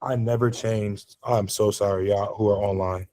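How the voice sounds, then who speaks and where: A man with a lowish, warm voice and fairly even intonation teaches college physics at a moderate pace, in a classroom that's also streamed online. He speaks casually, with many fillers, and quizzes students throughout. The recording quality is low.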